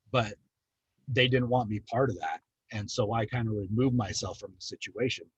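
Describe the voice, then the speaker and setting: A middle-aged man training hospice staff, talking calmly and steadily, with frequent ums. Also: medium pitch, husky, no echo, dull audio. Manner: calm, measured, with frequent ums.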